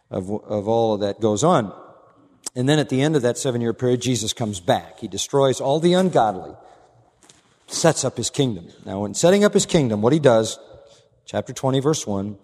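A man preaching an expository sermon as pastor, emphatic, swinging from low asides to raised declarations. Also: darkish tone. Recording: long hall reverb.

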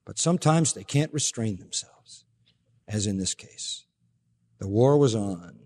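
A male pastor preaching a sermon emphatically, with rhetorical questions and low, pointed stresses. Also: animated, measured pace, a little mellow. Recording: preached in a hall with long reverb.

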